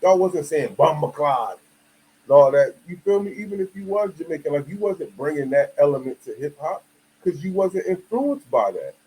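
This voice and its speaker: A man's voice: on the high side, animated, moderate pace, warm tone, rough recording. A man from the United States giving a casual, emphatic monologue full of slang and "you feel me" asides. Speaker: video commentator.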